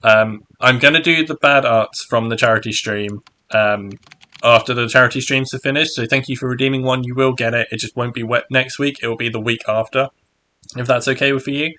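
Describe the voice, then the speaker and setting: Chatty game master with a bright voice. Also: male voice, medium pitch, steady tone, fairly quick. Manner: chatty, laughing, stumbling restarts. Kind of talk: hosting a charity tabletop game stream.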